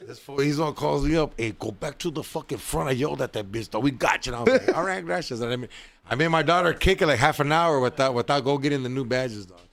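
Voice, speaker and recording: A man in his forties telling a story in a slangy, animated way, saying "dog" often. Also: medium pitch, quick pace, vocal fry. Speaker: comedian guest. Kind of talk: casual storytelling.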